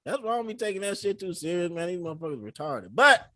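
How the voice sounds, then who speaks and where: Lively animated podcast host, man. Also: sits high, fast, no echo, clean studio sound. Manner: animated, laughs often, swears freely. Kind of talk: casual storytelling chat.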